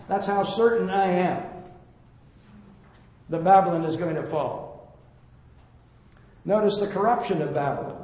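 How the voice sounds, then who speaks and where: An earnest man preaches a Bible-teaching sermon, pressing his points and sometimes stumbling into restarts. His voice sits a touch high but mellow. The sound is boomy and echoing, with a dull lo-fi edge. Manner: earnest, emphatic, occasional stammered restarts.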